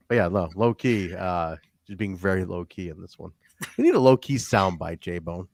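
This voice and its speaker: A man with a deep, darkish voice and lively intonation hosts a podcast at a moderate pace, laid-back and joking in a casual review chat. He swears freely, and the recording is dry and studio quality.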